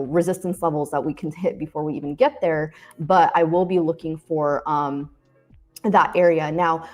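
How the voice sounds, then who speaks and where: A woman with a notably low voice walks through chart levels on a live trading stream. She is friendly and easygoing, and she explains each step plainly. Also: a little mellow. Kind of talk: casual market commentary.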